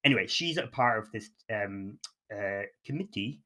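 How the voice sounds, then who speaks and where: A man's voice: lowish voice, lively intonation, normal speed, pushed and bright. A man co-hosts a casual film podcast. He talks with eager enthusiasm, circling back and restarting his sentences as he goes. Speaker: podcast co-host.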